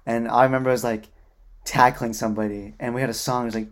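A young man co-hosting a podcast, laid-back in casual chat and lively when he tells a story. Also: mid-range voice, quick pace, a crowd in the background. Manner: laid-back, animated when telling stories. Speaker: podcast co-host.

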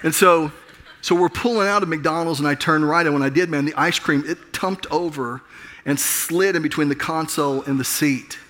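Bright-voiced man preaching a casual sermon. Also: a little high, normal speed. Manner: conversational, self-deprecating, frequent restarts. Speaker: pastor. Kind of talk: sermon with personal story.

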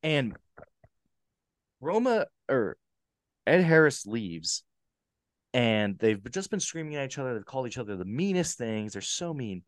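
A young man co-hosting a casual movie review podcast, animated and swearing freely as he acts out lines. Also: medium pitch, measured pace, pauses often, no room sound, studio quality. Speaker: podcast co-host. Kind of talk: casual chat.

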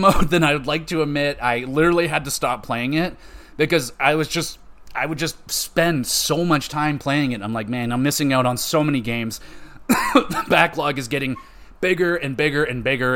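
A man hosting a podcast, chatting casually and with lots of swearing, acting out quoted voices. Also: medium pitch. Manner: animated, profane, acts out quoted voices. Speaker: podcast host.

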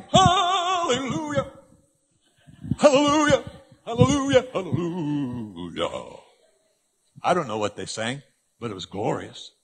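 Man, preacher, husky voice, sermon, very animated delivery, long hall reverb. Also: medium pitch. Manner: animated preaching with sudden shifts between loud emphasis and hushed asides.

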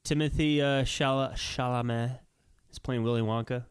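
Podcast co-host: man, mid-pitched, wry, laughs easily, dry close mic. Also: fairly even intonation, normal speed, clear, resonant tone, dry recording. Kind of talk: casual chat.

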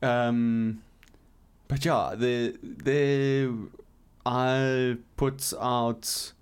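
A man's voice: medium pitch, little pitch movement, extremely slow, smooth. A man from South Africa co-hosting a podcast, telling rambling anecdotes in casual chat and swearing freely. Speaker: podcast co-host.

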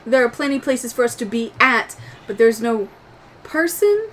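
A woman's voice: fairly high pitch, big pitch swings, moderate pace, a bit bright, slight background noise. A woman voicing a formal robot ship's pilot who politely calls people sir.

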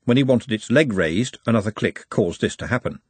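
A man reads a novel aloud in a wry, expressive way, his husky voice moving a great deal in pitch. His voice sits in a middle register, and the recording is close and dry, with no room sound. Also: fairly quick, no room sound. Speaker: audiobook narrator. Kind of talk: scripted narration.

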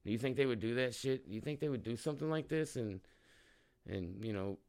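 A man's voice: medium pitch, fairly quick, darkish tone. A man from Oklahoma hosting a show, giving profane, heated commentary on a video clip. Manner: profane, heated, swearing freely. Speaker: show host.

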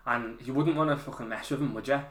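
A man's voice: medium pitch, quick pace, a bit bright. Teasing man chatting in an echoey room. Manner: teasing, joking, swearing freely. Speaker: podcast co-host. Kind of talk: casual banter. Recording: roomy echo.

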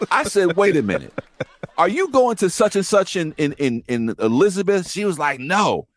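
A man telling rideshare driver stories in casual podcast chat, profane and animated, acting out the voices of people he quotes. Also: high-pitched, normal speed, dry recording.

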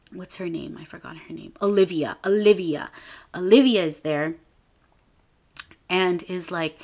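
Chatty young woman recapping a movie. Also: fairly low pitch. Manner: chatty, animated retelling with quoted dialogue. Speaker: podcast host. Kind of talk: casual movie recap chat.

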